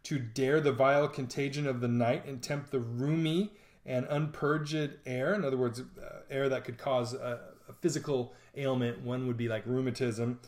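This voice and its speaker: A man's voice: medium pitch, a little mellow. A man teaching a lesson on a play in a casual, jokey way. He reads lines from the play aloud and then retells them in slangy modern words. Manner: chatty and jokey. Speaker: literature teacher.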